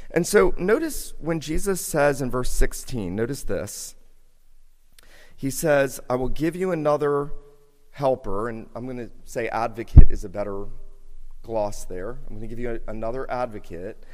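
A man preaching a sermon in a church, earnest and measured, repeating key phrases for emphasis. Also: mid-range voice, animated, darkish tone. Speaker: pastor. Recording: reverberant hall.

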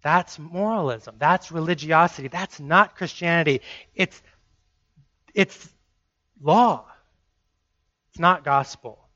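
Male preacher, high and bright, emphatic sermon delivery with repeated phrases; dry, slightly dull recording. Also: slow pace, pauses often, no room sound.

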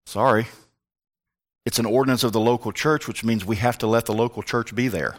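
A man's voice: medium pitch, a little fast. A male pastor preaching a sermon, telling a personal story with comic asides.

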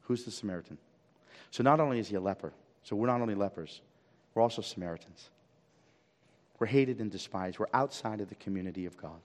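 A man preaching a sermon as pastor, swinging from loud emphatic peaks to quiet low pleading and asking the congregation rhetorical questions. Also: fast. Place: church sanctuary. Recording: long reverb of a church hall.

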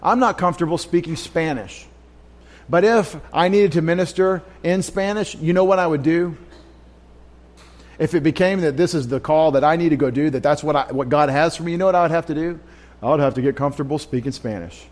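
Guy teaching bible study at church, kinda high voice, chatty, tells stories and asks the room stuff. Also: fairly quick, a little mellow. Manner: conversational, anecdotal, asks the audience questions. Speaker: pastor.

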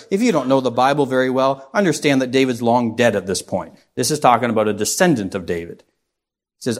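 A man's voice: mid-range voice, fairly quick. Man teaching a Bible lesson. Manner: expressive teaching with rhetorical questions to the class.

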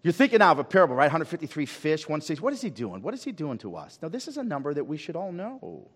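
A man's voice: fairly high pitch, wildly swooping pitch, fast, breathy edge. Man, pastor, sermon, questions to the congregation, repeated phrases, big church reverb. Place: church sanctuary.

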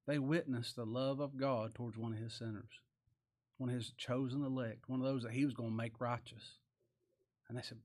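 With a medium-pitched voice, a male pastor delivers an animated, folksy sermon. He reads scripture slowly and emphatically, then sinks into near-quiet asides.

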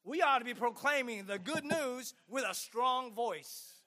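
Bright-voiced high-pitched male preacher. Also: expressive, unhurried. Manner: swings from hushed asides to loud emphatic proclaiming; reads scripture in old-fashioned biblical phrasing. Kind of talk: sermon.

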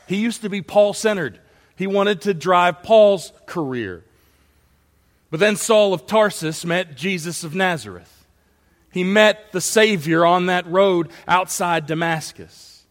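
A man's voice: sits high, lively intonation, slow pace. A man preaching an expository sermon to his church, earnest and building to emphatic rhetorical questions. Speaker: pastor. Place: church sanctuary. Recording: long hall reverb.

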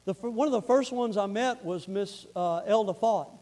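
A pastor with a Southern accent preaching a sermon, emphatic, moving between loud urgent appeals and quiet earnest asides. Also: male voice, sits high, normal speed.

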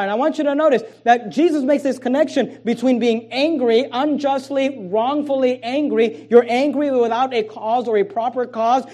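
A man, a pastor, preaching a sermon, swinging between soft low asides and loud emphatic lines, with frequent repeated words and restarts. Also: fairly even intonation, moderate pace, few pauses.

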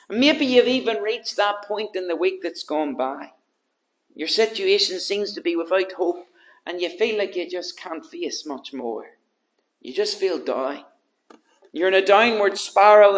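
A man's voice: sits high, a little slow, a bit bright. A man preaching a sermon in an earnest manner, building his points through repeated rhetorical questions.

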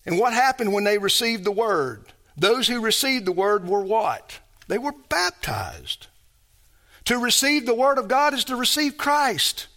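A man's voice: extremely high pitch, sing-song, unhurried, sharp tone. A man preaching a sermon as pastor, emphatic and full of rhetorical questions put to his congregation.

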